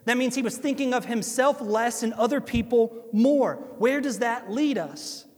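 A man with an Ohio accent, preaching a sermon as pastor, animated and conversational with asides to listeners. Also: very high-pitched, moderate pace. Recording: long hall reverb.

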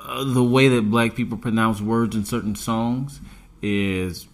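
A man's voice: lowish voice, measured pace. A man in a casual podcast chat, ranting emphatically and swearing freely. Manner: animated, profane, emphatic ranting.

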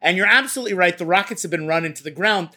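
Guy co-hosting, fairly high bright voice, lots of uhs and you-knows. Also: racing. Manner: rambling, hesitant, many fillers. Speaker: podcast co-host. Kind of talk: casual sports chat.

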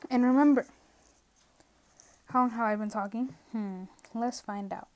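Speaking in a slightly high, unhurried voice, a young podcast host rants casually on her own from indoors at home. She's a little winded, self-mocking and rambling, often wandering off into asides that trail away.

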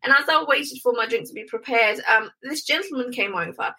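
A middle-aged woman, an interview guest, telling her story in an animated way and acting out the dialogue. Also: on the high side, brisk, poor audio. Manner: animated, acts out dialogue with lively quoted voices. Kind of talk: casual storytelling.

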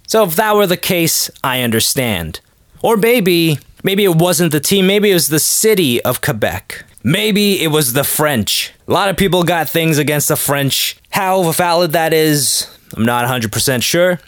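A man's voice: fairly high pitch, expressive, unhurried, fairly bright tone, no room sound, clean studio sound. Joking man rambling on a podcast. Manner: rambling, joking, acts out quotes in voices. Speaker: podcast host. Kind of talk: casual comedic monologue.

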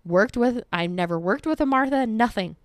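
A young woman hosting a podcast, telling stories in a chatty, animated way with sarcastic asides. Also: fairly high pitch, normal speed, no room sound, clean studio sound. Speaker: podcast host. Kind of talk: casual storytelling monologue.

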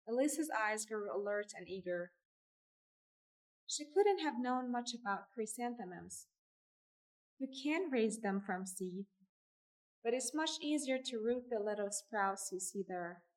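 A woman reading a literary short story aloud in a measured narration. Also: on the high side, expressive, poor audio. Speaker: audiobook reader.

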